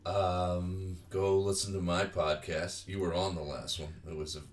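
Man, guest comedian, very low voice, laid-back plugs. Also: little pitch movement, unhurried. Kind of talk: casual comedy podcast chat.

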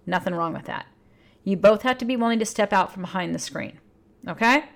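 A woman's voice: mid-range voice, fast talker, vocal fry. Blunt, outspoken woman relationship coach. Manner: candid and blunt, swears freely. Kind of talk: casual advice monologue.

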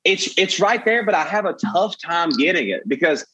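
A young man with a Southern US accent, a comedian guest telling animated stories in casual chat and saying "dude" a lot. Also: high-pitched, normal speed, a little hiss or hum, poor audio. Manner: animated, says "dude" often, jumps into quoted voices.

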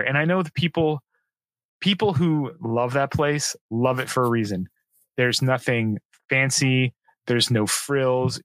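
A man's voice: mid-range voice, no room sound. A man co-hosting a podcast, talking casually and with strong opinions about ski passes and resorts. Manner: animated, opinionated, enthusiastic about skiing. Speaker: podcast co-host. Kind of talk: casual chat.

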